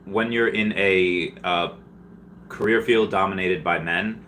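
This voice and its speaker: A man hosting a casual livestream Q&A, rambling and restarting, with sudden excited jumps in pitch. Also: slow, slight background noise. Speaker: livestream host answering viewer questions.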